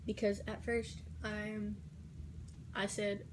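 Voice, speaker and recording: A teenage girl telling a personal story in a vlog, halting and hesitant, dropping at times into soft whispers. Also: medium pitch, monotone, noisy background. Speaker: vlogger.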